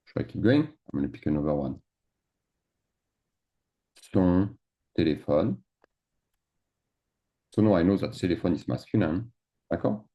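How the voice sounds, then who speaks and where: Slow, deep-voiced male teacher. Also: animated, muffled recording. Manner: mixes French into English, checks in with "d'accord?". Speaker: French teacher. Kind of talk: screen-share grammar lesson.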